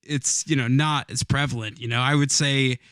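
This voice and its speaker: Man from New York, bright tone, dry mic, easygoing, hesitant, interview guest. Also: mid-range voice, steady tone, moderate pace, dry recording. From Binghamton, New York. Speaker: musician guest. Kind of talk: casual interview chat.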